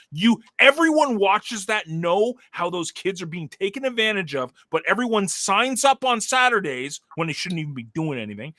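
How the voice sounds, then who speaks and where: A man's voice: high voice, expressive, moderate pace, hardly any pauses, pushed and bright, no echo. A man co-hosting a casual sports podcast, ranting in a fired-up way. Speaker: co-host.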